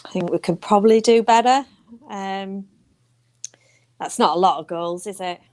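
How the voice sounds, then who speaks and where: A woman with a Yorkshire accent, co-hosting a casual fan podcast at a middling pitch. She laughs easily and weighs her points out loud with soft fillers. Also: normal speed. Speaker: podcast co-host.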